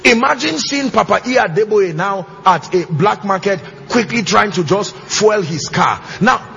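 High, gravelly preacher man. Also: expressive, moderate pace. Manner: emphatic, sing-song preaching with shouted bursts and call-and-response questions. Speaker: pastor. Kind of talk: sermon. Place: church auditorium with congregation. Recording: slightly muffled church recording, faint music.

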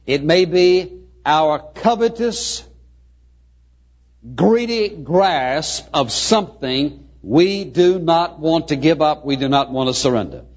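Male pastor, sermon, slightly high husky voice, earnest stretched emphasis. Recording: muffled lo-fi sermon recording.

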